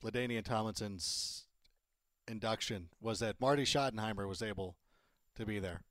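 A man's voice: fairly low pitch, moderate pace, a bit bright, no echo, clean studio sound. A man co-hosting a sports podcast in casual chat, teasing and enthusiastic. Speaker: podcast co-host.

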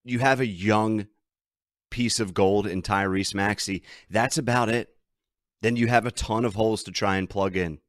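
A man's voice: on the low side, fairly even intonation, normal speed, no echo, studio quality. A man hosting a sports betting podcast, ranting and emphatic as he talks through his team's troubles. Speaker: podcast host.

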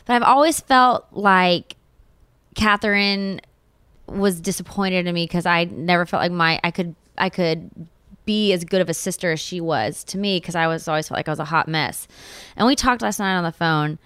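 A woman with a smooth, clear voice hosts a casual podcast chat. She talks in an animated, heartfelt way, confiding personal stories. The recording is close and dry. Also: lowish voice, normal speed, no room sound. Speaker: podcast host.

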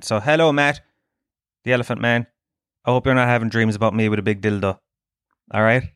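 A man's voice: lowish voice, a bit bright, smooth, dry recording, studio quality. A young Irish man, a stand-up comedian, hosting his podcast in a crude, swearing, joking monologue.

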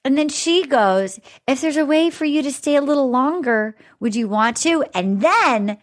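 Animated high-voiced woman hosting. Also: normal speed. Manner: animated, acts out quotes, laughs loudly. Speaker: podcast host. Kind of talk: casual recap chat.

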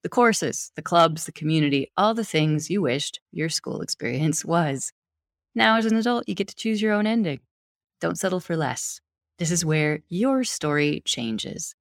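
This Wyoming woman's voice is on the low side and expressive, at a normal speed. As a podcast host, she introduces her guest with gushing enthusiasm before the interview chat.

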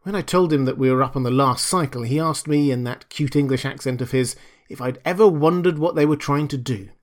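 A man's voice: mid-range voice, a little fast, natural voice. A man voicing Chuck, a nervous and urgent young computer engineer, in an audiobook reading. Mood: uneasy.

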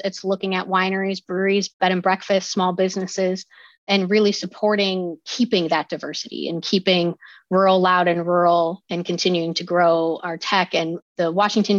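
A woman's voice: medium pitch, no echo, dull audio. Midwestern woman from Ohio, interview guest, upbeat and promotional, dry close sound. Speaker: guest, county economic development official. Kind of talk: interview answers.

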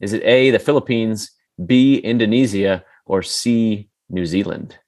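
A man's voice: fairly low pitch, measured pace, a little mellow, no echo. A man co-hosting a podcast, reading quiz questions in a jovial, teasing way and lilting the answer choices. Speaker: podcast co-host, quizmaster.

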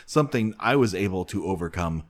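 A man's voice: deep voice, a little fast. A man co-hosting a podcast, joking and laughing often in casual comedic chat. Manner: joking, animated, frequent laughs. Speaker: podcast host.

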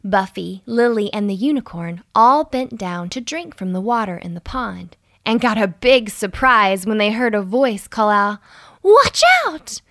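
A woman narrating a children's bedtime story slowly and soothingly, with a slight gravelly edge. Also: no echo, studio quality. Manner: slow and soothing with lively pitch.

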